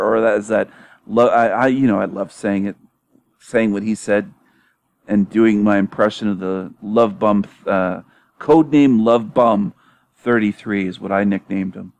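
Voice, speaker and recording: A man's voice: lowish voice, fairly even intonation, measured pace, vocal fry, darkish tone, no echo. A man hosting his own video channel in a casual monologue, mocking his critics with frequent laughter, swearing and emphatic repetition. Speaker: YouTube channel host.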